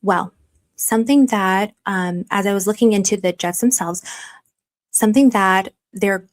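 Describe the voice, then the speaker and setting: A woman's voice: mid-range voice, unhurried. A woman hosting a live stream, reasoning through evidence with frequent hesitations and gushing thanks to her viewers. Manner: chatty and effusive, often thanking viewers. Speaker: livestream host. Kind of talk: live-streamed investigative commentary.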